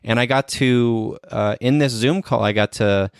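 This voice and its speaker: A man hosting a podcast interview, talking in an earnest, gentle way with many pauses and ums. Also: medium pitch, smooth, dry recording, clean studio sound. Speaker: podcast host. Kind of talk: casual interview chat.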